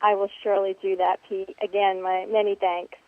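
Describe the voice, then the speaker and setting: A woman calling in over a tinny, dry phone line. Her voice sits at an ordinary middle pitch, and she speaks in a polite, earnest way with formal courtesies. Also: flat delivery, a little fast, no room sound. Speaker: caller.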